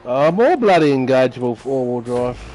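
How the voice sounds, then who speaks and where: A man's voice: mid-range voice, very animated, moderate pace, a little mellow, slight background noise, low-quality recording. Chatty man streaming a game. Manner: chatty, teasing, talks to viewers by name. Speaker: gaming streamer. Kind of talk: casual gameplay commentary.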